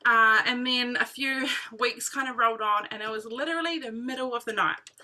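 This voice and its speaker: A woman telling her personal testimony to a group, in animated casual storytelling full of "like" and "literally". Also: on the high side, moderate pace. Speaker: team member sharing testimony.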